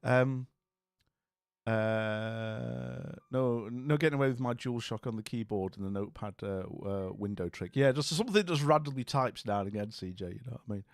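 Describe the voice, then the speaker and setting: A man's voice: medium pitch, moderate pace, creaky, dry recording, clean studio sound. Rambling, chatty streamer man. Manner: rambling, friendly, many fillers and restarts. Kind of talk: casual chat.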